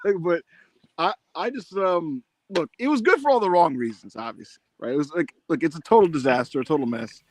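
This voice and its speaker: Lively animated man telling stories. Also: high voice, moderate pace, a little hiss or hum. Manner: animated storyteller, acts out quotes. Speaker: podcast host. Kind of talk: casual chat.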